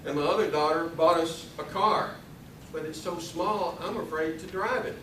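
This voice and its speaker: A man voicing his elderly mother in a dry, deadpan, matter-of-fact way. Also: on the high side, normal speed, background noise, natural voice. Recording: echoey room, mic at a distance.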